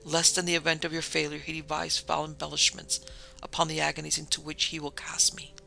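This is a man reading a desperate noblewoman who begs in formal, tragic phrases, as in a gothic storybook. The voice is bright and gravelly, fairly high, and kept level in pitch. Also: completely flat delivery, a little fast, heavily acted. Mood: pleading. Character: anguished noblewoman pleading with her old love.

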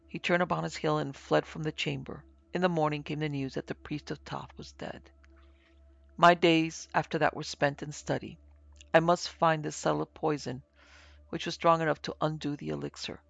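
A man with a heavily gravelly voice narrates a dark tale in a solemn, measured way. He speaks a little high and rather flat, in a dry, dull lo-fi recording. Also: dry recording. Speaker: narrator and producer. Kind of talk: dramatic audiobook narration of a classic story.

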